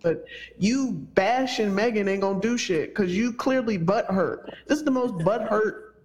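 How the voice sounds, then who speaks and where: A man's voice: high voice, normal speed, poor audio. A man co-hosting a casual podcast, chiming in with short remarks and laughing along. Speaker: podcast co-host. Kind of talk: casual chat.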